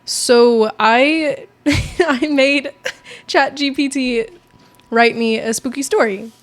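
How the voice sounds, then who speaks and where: A woman's voice: high voice, slow, no room sound. A young woman co-hosting a casual podcast, rambling and stumbling as she reads notes aloud. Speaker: podcast co-host. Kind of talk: casual chat.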